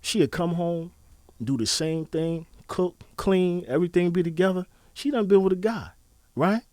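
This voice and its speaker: A man's voice: high voice, normal speed, no echo. A man co-hosting a podcast in casual chat, telling stories and acting out what people said. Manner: animated storyteller, acts out quotes. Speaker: podcast co-host.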